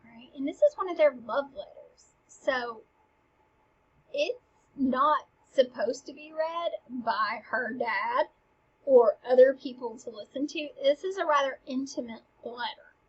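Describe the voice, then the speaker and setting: Speaking unhurriedly in a high, slightly breathy voice, a young woman walks through a classic play in a casual lesson. She's chatty and dramatic, leaning hard on the lines she reads aloud, and the audio sounds dull.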